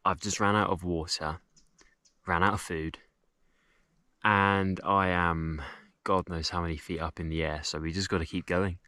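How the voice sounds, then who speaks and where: A man's voice: deep voice, steady tone, normal speed, pushed and bright, no echo. A man vlogging casually to camera as he hikes up a mountain outdoors, out of breath and chatting to his viewers. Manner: chatty, addresses viewers as guys. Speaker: travel vlogger. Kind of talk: casual vlog to camera while hiking.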